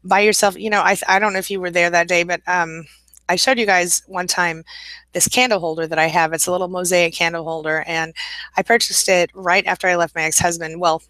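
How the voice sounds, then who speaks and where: A woman's voice: lowish voice, steady tone, brisk, sharp tone, no echo. A middle-aged woman hosting a live stream, reading out viewer comments and greeting people in a chatty, welcoming way with frequent laughs. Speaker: host.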